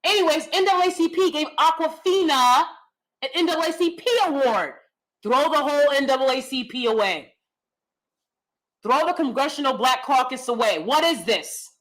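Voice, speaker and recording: A woman in her thirties hosting a casual commentary stream, animated and emphatic, rambling with asides and reacting to chat. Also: sits high, normal speed, low-quality recording. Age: 30s. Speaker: commentary channel host.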